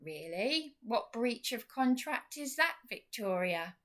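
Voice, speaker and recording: A woman talks straight to camera in a rambling, indignant vlog. She is sarcastic throughout and speaks at an unhurried, drawn-out pace. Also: fairly high pitch, big pitch swings, fairly bright tone. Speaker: vlogger. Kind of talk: venting monologue to camera.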